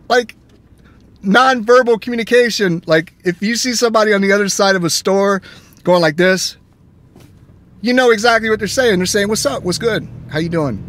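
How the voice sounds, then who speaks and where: A man chatting casually from his car while driving, telling stories in an animated way and acting out both sides of each exchange. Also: sits high, no room sound. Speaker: gaming vlogger. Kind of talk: casual chat. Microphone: phone camera. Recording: faint road noise inside a moving car. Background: faint car and road noise.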